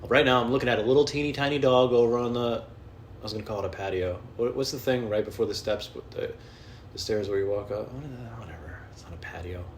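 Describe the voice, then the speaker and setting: A young man talks alone into a mic at home, rambling and swearing as he wanders off topic and mocks himself. His voice sits at a middle pitch, with a faint hiss behind it. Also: fast. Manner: self-deprecating, profane, jumps between topics. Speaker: podcast host and comedian. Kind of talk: rambling solo podcast monologue. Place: at home indoors.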